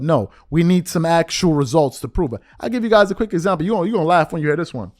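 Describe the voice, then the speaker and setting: A man delivers opinionated sports commentary as a show host, his somewhat high voice swinging widely in pitch. He talks in a slangy, conversational way and hammers home his points with repeated rhetorical questions. Faint music plays underneath. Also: expressive, quick pace, hardly any pauses.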